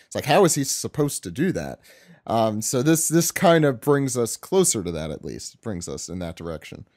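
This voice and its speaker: A man's voice: medium pitch, big pitch swings, moderate pace, a little mellow. A man from New York hosting a casual podcast, chatty and self-mocking as he reads listener emails. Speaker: podcast host.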